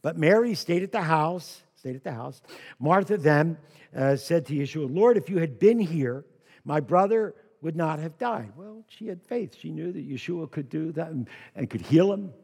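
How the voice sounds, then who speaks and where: A male pastor preaching a lively sermon, with personal asides and humor. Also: on the high side, moderate pace, creaky, husky. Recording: long hall reverb.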